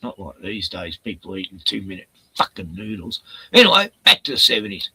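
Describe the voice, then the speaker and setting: A man's voice: low-pitched, very animated, a little fast, gravelly, pushed and bright, slightly rough, dry recording, poor audio. A middle-aged Australian man streaming from home, rambling in a profane, chatty way, laughing often and cooing at his dog. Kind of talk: rambling casual monologue.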